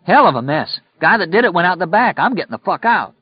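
A man's voice: fairly high pitch, huge pitch swings, unhurried, breathy edge, dry recording, lo-fi sound, pitched above the performer's own voice, exaggerated voice. A man voicing a dim, panicky young criminal with a whiny drawl.

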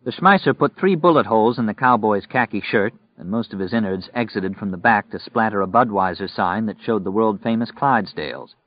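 A man reading a novel aloud in steady, measured scripted narration. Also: fairly low pitch, no echo. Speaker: audiobook narrator. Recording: dry, muffled recording.

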